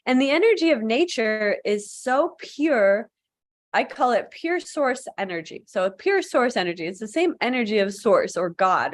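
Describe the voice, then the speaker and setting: Heard over a video call, a woman who teaches yoga chats loosely on her casual live stream, peppering her speech with "like." Her voice runs on the high side.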